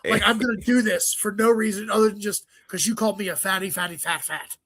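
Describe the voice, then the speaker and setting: A man, a stand-up comedian, chatting as an interview guest, telling stories quickly with swearing and joking asides. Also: high voice, steady tone, crowd noise. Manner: profane, rapid storytelling with joking asides. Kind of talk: casual interview chat.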